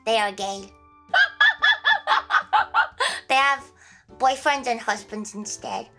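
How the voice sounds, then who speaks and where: Aussie girl streamer, bright sharp voice, swears a lot, rambles n giggles. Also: fairly high pitch, slow pace, faint music behind, poor audio. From Australia. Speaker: livestreamer. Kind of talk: casual chat with viewers.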